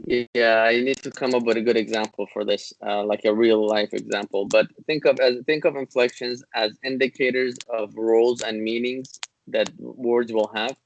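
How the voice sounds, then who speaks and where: A man teaching an online grammar class through a video-call microphone. He explains slowly and patiently, full of ums and restarts as he feels for examples, then rattles off short classical Arabic passages at speed. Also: medium pitch, fairly even intonation, creaky, a little hiss or hum, low-quality recording. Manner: hesitant, many fillers and restarts, explains patiently; recites classical Arabic text in rapid bursts.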